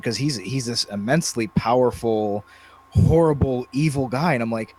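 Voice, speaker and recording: Mid-range and a little mellow at a normal pace, this podcast co-host and game master talks casually about running tabletop games. He hesitates a lot, with many fillers and restarts.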